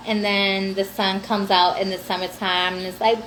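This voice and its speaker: A woman's voice: medium pitch, flat delivery, a little slow, fairly bright tone, slight background noise. A woman hosting a livestream in casual, profane, laughing talk aimed at her viewers. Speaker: livestream host.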